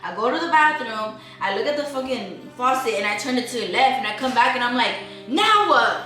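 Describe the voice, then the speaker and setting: A young woman vlogger telling a story in casual slang while cooking, acting out her own past lines loudly. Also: a little high, fast talker. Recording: roomy echo, mic far off, music behind.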